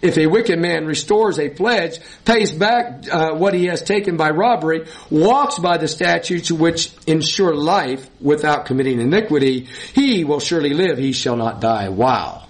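A man's voice: a little high, expressive, moderate pace, hardly any pauses. A man preaching a sermon, reading scripture and stressing points with repeated words and short laughs.

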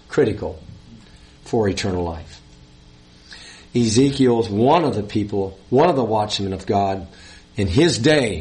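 A man's voice: fairly low pitch, a little mellow. A man preaching a sermon, reading scripture and stressing points with repeated words and short laughs.

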